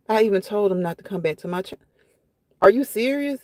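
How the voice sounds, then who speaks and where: A woman's voice: mid-range voice, lively intonation, fast, no room sound. A woman hosting a casual live stream, reading viewers' comments aloud and reacting to them in a chatty way that often repeats phrases.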